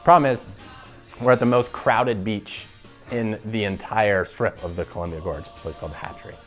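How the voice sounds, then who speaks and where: A young man from the show's crew telling a crude story in a casual, animated way, laughing often. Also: fairly low pitch, fairly quick, soft background music. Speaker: show regular.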